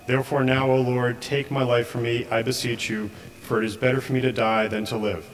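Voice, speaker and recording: A man reads scripture aloud at a church service. He keeps a steady, measured pace at a mid pitch and now and then trips over a word. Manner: steady measured reading with occasional slips. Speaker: scripture reader. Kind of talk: liturgical reading.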